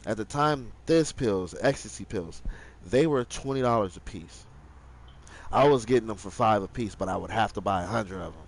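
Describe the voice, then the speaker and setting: A man's voice: fairly low pitch, rough recording. A young man streaming live, telling a rambling story in casual, profane slang.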